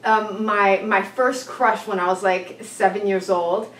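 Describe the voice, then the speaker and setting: A woman in her twenties, co-hosting a vlog, who tells a dating story in an animated way and acts out the people in it. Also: medium pitch, unhurried. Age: 20s. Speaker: vlog co-host. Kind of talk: casual storytelling. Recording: roomy, from a distance.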